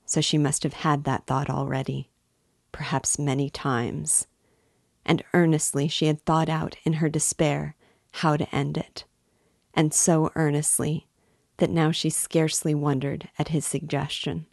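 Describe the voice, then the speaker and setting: Slow, low-voiced woman reading a novel. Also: gravelly, no echo, clean studio sound. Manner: measured, expressive reading. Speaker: reader and guide of a book series. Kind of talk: audiobook reading of a classic novel.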